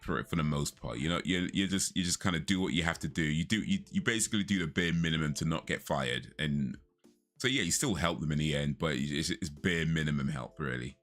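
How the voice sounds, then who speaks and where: A man's voice: very deep voice, gravelly, fairly bright tone. A young man casually chatting with viewers on a live stream, rambling, correcting himself and laughing often. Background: faint lo-fi music.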